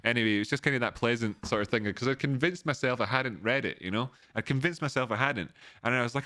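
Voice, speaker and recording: Talking fast in a medium-pitched, sharp-toned voice, an Edinburgh-accented Scottish host rambles through a casual livestream. He restarts frequently as he reads out donor messages and thanks his viewers, and the audio has no echo.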